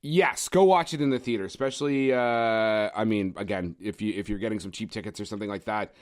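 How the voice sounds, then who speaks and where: A man's voice: fairly low pitch, fairly quick. A man hosting a movie podcast in a casual, joking way, teasing his co-host and easily getting sidetracked. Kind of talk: casual chat.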